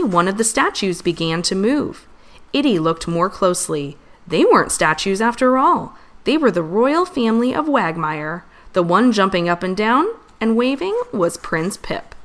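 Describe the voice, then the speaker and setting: A woman reading a children's storybook aloud, gentle and expressive. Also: mid-range voice. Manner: gentle, expressive, lively voice changes for characters. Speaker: storybook reader.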